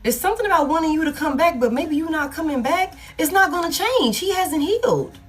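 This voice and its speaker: A woman reads tarot cards in a loose, blunt, profane way, thinking out loud as she goes. Her voice sits fairly high. Soft music plays underneath her. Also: animated, quick pace. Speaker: tarot reader. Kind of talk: collective love tarot reading.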